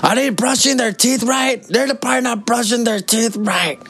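A man putting on a high, shrill voice to play a bossy mother who scolds and complains about how the kids are cared for. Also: moderate pace, a bit bright, slight background noise. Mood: nagging. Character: nagging bossy mother, fussing over the kids.

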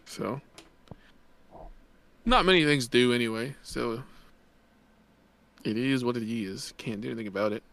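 A man's voice: medium pitch, unhurried, creaky, long pauses, a bit bright, no echo. Laid-back young man, rambling podcast chat. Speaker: podcast co-host. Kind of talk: casual chat.

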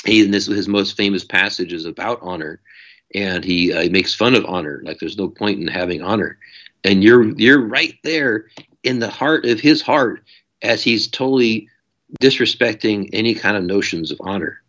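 A man's voice: lowish voice, moderate pace, fairly bright tone. A man, an author, talking through his ideas in a passionate, discursive way in a casual interview. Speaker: author guest. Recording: dull lo-fi audio.

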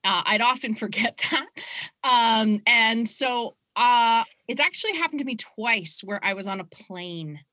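A woman with a Canadian accent, co-hosting a podcast and telling an animated anecdote in casual chat. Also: fairly high pitch, measured pace, dry recording.

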